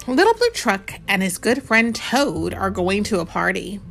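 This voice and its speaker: A woman reading a picture book aloud to a child at home, slowing down for the story lines and chatting about the pictures in between. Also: mid-range voice, vocal fry, soft background music. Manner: animated, slows down for the read-out lines and chats about the pictures.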